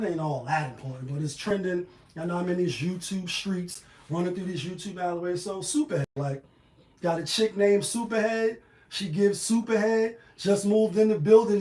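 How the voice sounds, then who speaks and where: A man giving casual commentary on the news in a slangy, animated, riffing manner. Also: high-pitched, roomy sound.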